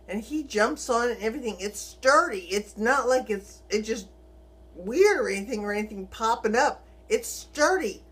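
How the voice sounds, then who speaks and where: A middle-aged woman vlogging, telling a personal story in a lively way and acting out the dialogue. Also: a little high, husky. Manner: animated, acts out quoted dialogue, chuckles while telling.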